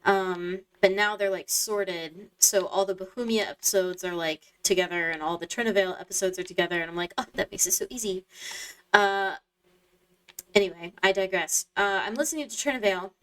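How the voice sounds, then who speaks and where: A woman's voice: mid-range voice, brisk, a bit bright, smooth. A young woman chatting casually while playing a game, rambling and losing her train of thought, with lots of fillers. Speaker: streamer. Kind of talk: casual chat while gaming. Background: faint game music.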